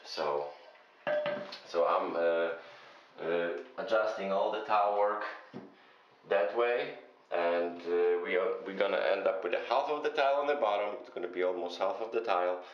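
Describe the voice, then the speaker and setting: A man's voice: low-pitched, moderate pace. Man, tile installer, methodical, hesitant, muffled echoey bathroom recording. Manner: methodical, hesitant with frequent fillers. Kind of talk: step-by-step how-to narration. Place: bathroom under renovation. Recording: very echoey room, dull sound.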